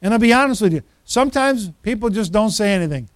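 Lively male preacher with a high voice, recorded dry and close; tells stories and acts out the people he quotes. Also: quick pace, no echo. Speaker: pastor. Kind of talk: sermon.

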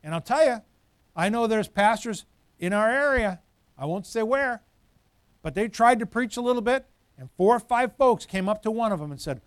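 Pastor guy preaching hard, pretty high voice, dry close sound, gets loud then drops to asides. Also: expressive, moderate pace, dry recording. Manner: forceful preaching, rising to near-shouting and dropping to asides. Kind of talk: sermon.

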